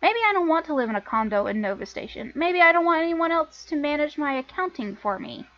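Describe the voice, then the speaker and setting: A woman's voice: sits high, expressive, fairly quick, highs cut off. A woman voicing a rebellious young woman scavenger who answers her family back with defiance and sarcasm. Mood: defiant.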